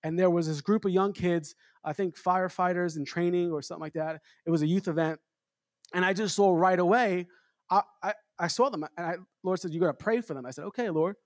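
A traveling minister preaching to a congregation in a chatty, storytelling way, often adding "amen" and restarting phrases. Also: male voice, high-pitched, steady tone, fairly quick, no room sound, studio quality. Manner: conversational preaching with repeated amens. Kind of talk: sermon.

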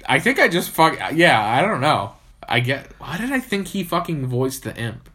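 A young man co-hosting a horror movie podcast, chatting casually, swearing constantly and laughing loudly. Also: on the high side, sing-song, moderate pace. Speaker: podcast co-host. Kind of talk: casual profane chat.

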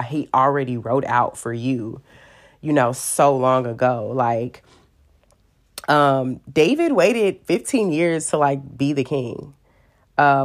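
A woman giving a casual, playful Bible talk full of fillers and asides. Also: low-pitched. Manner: chatty and playful, many fillers, acts out voices. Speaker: Bible teacher. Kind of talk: casual devotional teaching.

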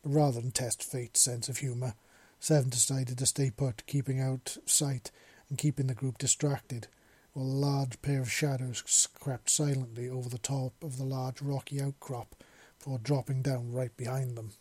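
A man narrating a story in a steady storytelling manner. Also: medium pitch, normal speed, few pauses, slightly rough, no room sound. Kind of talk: audiobook narration of fan fiction.

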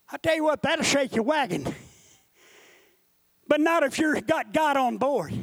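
A man preaching a sermon, telling his own story and rising into impassioned shouting. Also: very high-pitched, measured pace, pauses often, no echo.

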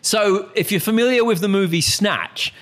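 A British man with a somewhat high voice tells a long story in a relaxed, rambling way. He restarts his sentences often and laughs along as he talks. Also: normal speed. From Britain. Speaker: podcast co-host. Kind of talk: casual chat.

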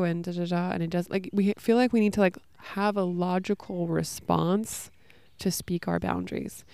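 A woman's voice: fairly low pitch, steady tone, normal speed, vocal fry, mellow, clean tone, no echo. A young woman hosting a solo podcast, talking in a casual, reflective way with many fillers. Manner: casual, frequent "like" and "you know". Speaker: podcast host.

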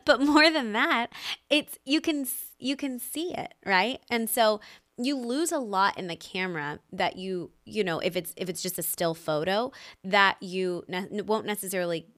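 A woman's voice: medium pitch, normal speed, fairly bright tone. A woman in her thirties hosting a podcast, giving casual business advice in a chatty, upbeat way full of "like" and "right?". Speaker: podcast host and business coach.

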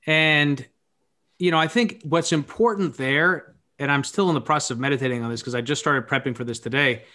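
A man's voice: fairly high pitch, a little fast, sharp tone. A man who runs his own podcast, a guest here, thinking aloud in a reflective, philosophical way. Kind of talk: reflective conversational talk.

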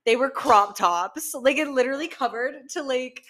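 A woman's voice: high-pitched, normal speed, a bit bright, slight background noise. A young woman co-hosting a podcast in casual chat, gushing and swearing freely, with lots of "like" and "um". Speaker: podcast co-host.

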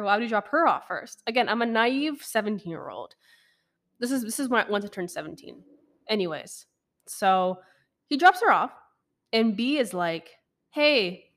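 A young adult woman telling a personal story in a casual vlog, rambling and animated, with frequent swearing and laughter. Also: a little high.

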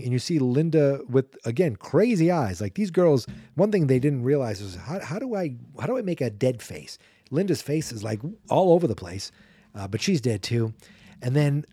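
A man talks through a horror movie scene by scene and acts out the characters' lines in a lively way. His voice is mellow and a little husky. He sounds close and dry, as if recorded in a small room. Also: medium pitch, no echo. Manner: animated storyteller acting out characters' lines. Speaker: podcast host. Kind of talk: casual movie recap.

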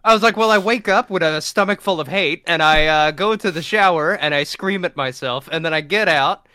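A man's voice: fairly high pitch, fairly quick, sharp tone, no echo, clean studio sound. A man co-hosting a podcast, telling crude stories in casual chat, acting out quotes and laughing often. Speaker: podcast co-host. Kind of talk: casual chat, swearing storytelling.

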